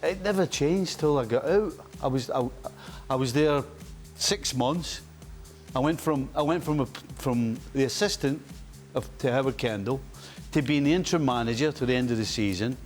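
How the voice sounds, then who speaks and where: A man in his fifties, a former player turned pundit, telling lively stories on a panel and acting out what others said. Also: mid-range voice, moderate pace, soft background music. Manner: animated storyteller who laughs and acts out quotes. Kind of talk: casual panel chat, anecdotes.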